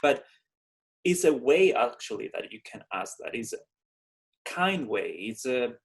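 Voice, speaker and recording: Husky-voiced male interviewer. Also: mid-range voice, big pitch swings, measured pace, poor audio. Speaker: host. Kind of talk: interview questions.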